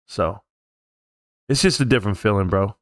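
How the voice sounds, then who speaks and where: A man's voice: lowish voice, normal speed, no room sound, clean studio sound. A man hosting a casual live stream from home, talking in a rambling, heartfelt, reflective way. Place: at home, alone.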